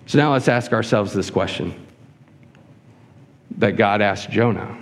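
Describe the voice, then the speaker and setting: Earnest preacher with hall echo. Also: male voice, lowish voice, measured pace, pauses often. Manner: earnest, asks many rhetorical questions. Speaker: pastor. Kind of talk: sermon. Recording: hall reverb.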